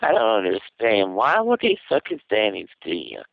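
A man co-hosting a comedy show, asking absurd questions in a deadpan way. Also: on the low side, moderate pace, gravelly, loud music behind the voice. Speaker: co-host. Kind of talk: casual comedy chat. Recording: dull dry lo-fi audio.

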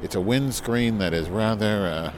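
A man's voice: lowish voice, moderate pace, noisy background. A man rambling and joking crudely to his recorder outdoors, repeating silly phrases while testing a new windscreen. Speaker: vlogger. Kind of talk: rambling outdoor vlog, mic test. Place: outdoors with wind. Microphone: handheld recorder with windscreen.

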